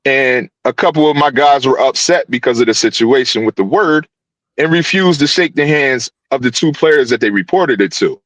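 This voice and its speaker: A youth football coach telling a story on a podcast over a video call, animated and full of restarts. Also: male voice, mid-range voice, moderate pace, no room sound, poor audio. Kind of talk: casual podcast guest recounting events.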